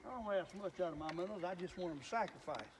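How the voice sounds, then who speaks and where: High-voiced folksy older man. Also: expressive, fast. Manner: folksy, chatty, exclaims at each bite. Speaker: fishing video host. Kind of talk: casual fishing commentary. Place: on a lake outdoors, fishing. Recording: outdoor ambient noise.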